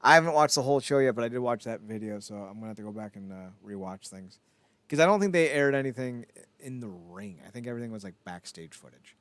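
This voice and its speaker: A man's voice: medium pitch, lively intonation, fast, fairly bright tone, dry recording. A man co-hosting a casual wrestling news podcast, rambling and swearing, with self-mocking asides. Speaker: podcast co-host.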